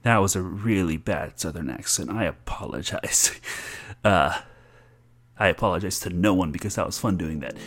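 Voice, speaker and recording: A man from Florida half-raps in loose rhymes, then drifts into relaxed, rambling talk. His sentences trail off and restart, with small laughs between thoughts. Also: sits low, moderate pace. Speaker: contributor rapping about his day. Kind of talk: casual rap and chat.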